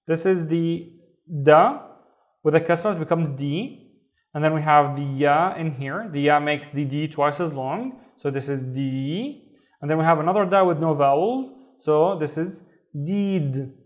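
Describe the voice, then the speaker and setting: Male language teacher with a slightly raised pitch, patient and deliberate, stretching out each sound for beginners. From Saudi Arabia. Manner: patient, drawn-out syllable sounding. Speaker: Arabic teacher. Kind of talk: reading lesson.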